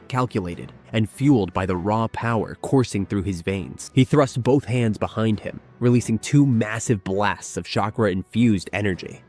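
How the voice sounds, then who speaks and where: A man narrates a scripted fan-fiction battle in a steady, dramatic manner, with a low voice. Faint music plays under his reading. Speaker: storyteller.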